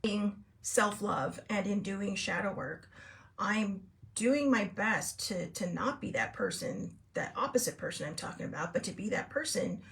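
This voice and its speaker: A middle-aged host from California, telling a story in a casual, rambling way, laughing often and acting out both sides of an argument. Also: female voice, mid-range voice, lively intonation, unhurried, vocal fry, fairly bright tone. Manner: chatty, laughs often, rambling with fillers and restarts; acts out both sides of a quarrel in raised tones. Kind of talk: casual storytelling to a live chat.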